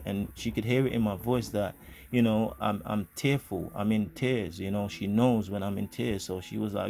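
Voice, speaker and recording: A man's voice: fairly low pitch, moderate pace, vocal fry, a little mellow, slight background noise. A man telling a personal spiritual story in an earnest, rambling way, full of fillers and restarts. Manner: earnest, grateful. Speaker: vlogger.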